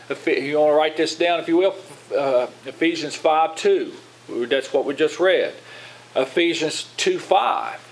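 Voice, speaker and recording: A man's voice: on the high side, expressive, unhurried, creaky, poor audio. A man preaching to his congregation in a loose, conversational teaching style, often asking them questions and repeating his words as he goes. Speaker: pastor.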